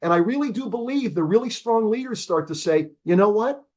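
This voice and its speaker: A brisk, energetic man in his seventies with a strikingly high voice lectures over a video call as a business school professor. He leans hard on key words, repeats them, and throws rhetorical questions at his audience.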